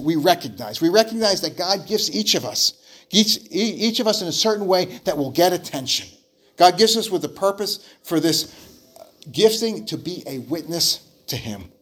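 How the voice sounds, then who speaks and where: A man's voice: a little high, fairly bright tone. A man preaching a sermon, telling an illustration story in an earnest way and often repeating words as he restarts phrases.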